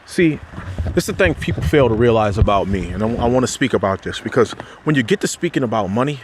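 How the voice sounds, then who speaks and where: A man giving an impassioned spiritual talk, loose and conversational, with slang and restarts. He climbs sharply in pitch whenever he drives a point home. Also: expressive, fast talker, noisy background. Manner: preachy, rises sharply in pitch when making a point. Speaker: motivational speaker.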